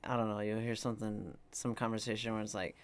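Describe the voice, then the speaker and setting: A man's voice: fairly low pitch, level tone, quick pace, clean tone. A man co-hosting a casual podcast, teasing and joking with his friend. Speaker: podcast co-host. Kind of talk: casual chat.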